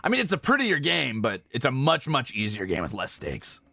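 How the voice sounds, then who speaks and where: Lively, bright-voiced male streamer. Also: medium pitch, brisk, creaky. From Europe. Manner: chatty, self-correcting, jokey. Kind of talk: casual gameplay stream chatter.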